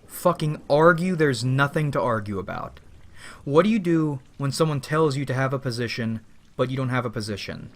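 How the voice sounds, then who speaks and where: Brief: a male vlogger musing aloud, rambling and profane, mid pitch. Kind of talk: reflective spoken monologue.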